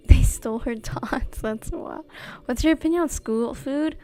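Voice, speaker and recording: Chatty woman, higher voice, giggles, reads chat aloud, soft music behind. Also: measured pace, whispered. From United States. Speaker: streamer answering chat. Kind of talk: casual chat. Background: quiet background game music.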